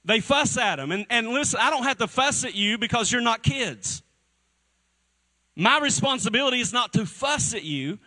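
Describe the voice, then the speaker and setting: A male pastor preaching a sermon to a congregation in a church, energetic and calling for responses from the crowd. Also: very high voice, normal speed, poor audio.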